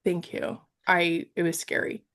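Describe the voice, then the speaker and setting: A woman's voice: fairly low pitch, monotone, unhurried, a bit bright, a little hiss or hum. A young woman co-hosting a podcast, sounding a bit congested, chatting casually and rambling with lots of fillers. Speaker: podcast co-host. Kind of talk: casual chat.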